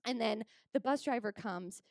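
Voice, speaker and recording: A woman's voice: fairly high pitch, moderate pace, gravelly, no echo, clean studio sound. A young woman from Canada doing a stand-up comedy set, telling stories and acting out both sides of each conversation. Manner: animated storytelling, acts out both sides of conversations.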